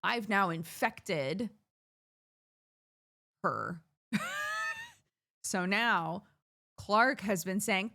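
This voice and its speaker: A woman's voice: medium pitch, big pitch swings, very slow, long pauses, a bit bright. An American woman streamer chatting casually with viewers, laughing often as she talks. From United States.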